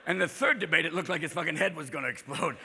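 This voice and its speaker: A man doing a live stand-up set, manic and profane, jumping in and out of quick impressions. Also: fairly high pitch, gravelly, pushed and bright. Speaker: stand-up comedian. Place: on stage before a live audience. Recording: live crowd laughter, noisy hall.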